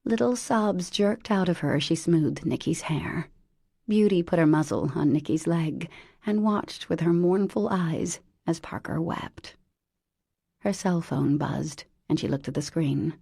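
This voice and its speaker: A woman reading an emotional audiobook in measured narration. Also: low voice, vocal fry, mellow, husky, dry recording, studio quality.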